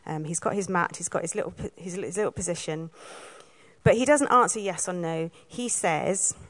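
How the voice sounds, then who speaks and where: Lively woman preacher from Wales. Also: fairly low pitch, normal speed. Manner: lively storytelling, acts out quoted lines, laughs now and then. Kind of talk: sermon.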